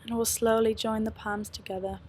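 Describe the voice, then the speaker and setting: A woman yoga teacher leading a guided meditation with slow, calm, soft-spoken guidance. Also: on the high side, breathy edge.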